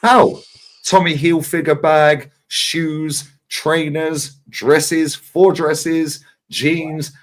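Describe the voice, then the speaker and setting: He speaks very slowly, with a fairly high pitch: a man in his 40s who regularly guests on a fan livestream. The talk is relaxed storytelling, delivered with animation, plenty of swearing, and impressions of what other people said.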